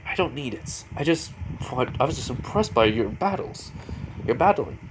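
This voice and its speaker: A man's voice: mid-range voice, sing-song, moderate pace, noisy background, close to an everyday voice. A man voicing a scheming older villain who talks in a polite, friendly way, close to his own voice.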